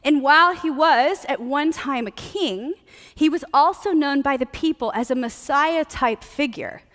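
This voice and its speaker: A woman's voice: high-pitched, a little slow, a bit bright. A woman preaching a sermon in a casual, playful, conversational teaching manner. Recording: long hall reverb.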